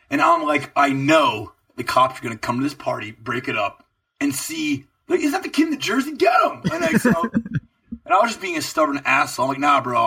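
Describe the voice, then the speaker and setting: A young man co-hosting a podcast, telling a long story in a loose, profane way with lots of energy. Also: distant mic. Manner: animated, profane storytelling with swooping pitch. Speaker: podcast co-host. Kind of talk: casual storytelling chat.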